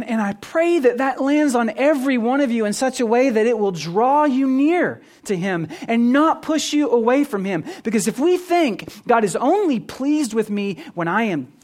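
A pastor preaching a sermon in an earnest, animated way, moving between soft, low passages and emphatic, lifted ones. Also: male voice.

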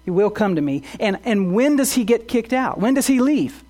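A man's voice: high-pitched, sing-song, moderate pace, darkish tone. A man preaching a sermon as pastor, earnest, asking the congregation rhetorical questions and often restarting his words.

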